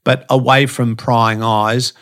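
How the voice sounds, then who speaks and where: A middle-aged man, a fitness and behaviour speaker guesting on a podcast, tells frank, profane stories from his life in a casual interview. His mid-range, slightly bright voice is flat and slow, full of restarts and fillers.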